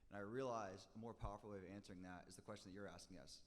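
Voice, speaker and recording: A man from the audience sharing a reflective thought, his voice very deep and his words coming fast. The sound has a long hall reverb with a faint low rumble underneath. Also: fairly even intonation. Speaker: audience member.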